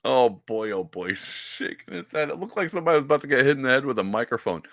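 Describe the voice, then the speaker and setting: A man's voice: medium pitch, quick pace, a crowd in the background. A man hosting a podcast, reacting to a clip in casual commentary with mocking impressions. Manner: animated, mocking impressions, lots of fillers. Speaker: podcast host.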